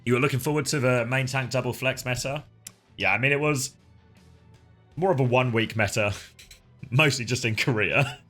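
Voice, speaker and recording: A man's voice: mid-range voice, moderate pace, pauses often, fairly bright tone, soft background music. A man co-casting an esports match in casual chat, laughing often and swearing casually. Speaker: esports co-caster.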